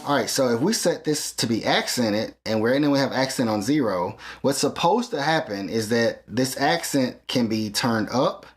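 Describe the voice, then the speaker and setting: A man's voice: medium pitch, animated, moderate pace, few pauses, soft background music. A man hosting a hands-on synthesizer tutorial, explaining patiently step by step and often checking in with "okay?".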